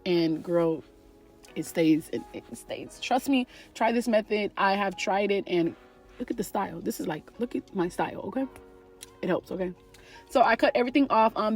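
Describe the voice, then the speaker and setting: A woman giving a chatty, sassy hair tutorial straight to her viewers. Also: mid-range voice. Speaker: beauty vlogger teaching a wig install. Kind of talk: casual tutorial voice-over.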